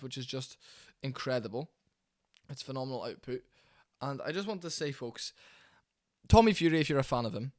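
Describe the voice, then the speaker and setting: A man's voice: mid-range voice, no echo, studio quality. A man giving rambling, candid boxing commentary at home, full of fillers and restarts. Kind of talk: casual opinionated commentary. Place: warm room at home.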